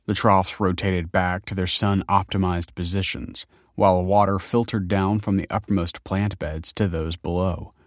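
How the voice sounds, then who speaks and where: A male audiobook narrator with a very low, deep voice, reading in a measured, steady way. The sound is close and dry, with no room around it. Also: no echo. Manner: measured, even storytelling delivery. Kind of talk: scripted narration.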